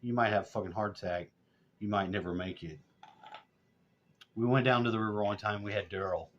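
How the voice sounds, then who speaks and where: A low-pitched middle-aged man rambling through a story and cussing nearly every line, loose and offhand. His voice gets loud and high when he gets worked up. The recording sounds dull and lo-fi. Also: a little fast, slight background noise. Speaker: vlogger.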